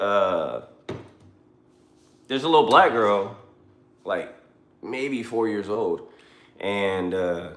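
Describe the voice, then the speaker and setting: A man's voice: lowish voice, sing-song, very slow, long pauses, a bit bright. A man telling a long story in a rambling, profane, conversational way during a livestream from a car. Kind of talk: casual storytelling. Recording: roomy echo.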